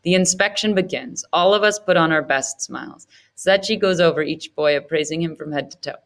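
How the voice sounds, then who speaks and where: A woman reading a novel aloud in the first person, in a measured, even storytelling manner. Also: deep voice. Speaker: audiobook narrator.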